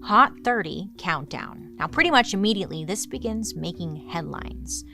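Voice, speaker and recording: A woman's voice: on the low side, lively intonation, normal speed, creaky. A woman podcast host telling a true crime story in a chatty, casual way full of "like" fillers.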